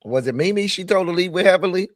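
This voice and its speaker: Emphatic, profane male panelist, high voice, dry close mic. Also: expressive, fast, no echo. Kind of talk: casual panel chat.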